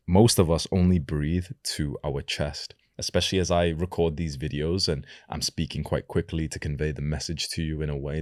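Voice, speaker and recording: Deep-voiced young man giving calm advice. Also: no echo, studio quality. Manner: slow, deliberate delivery with lowered sentence endings. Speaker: self-improvement coach. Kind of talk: advice talk to camera.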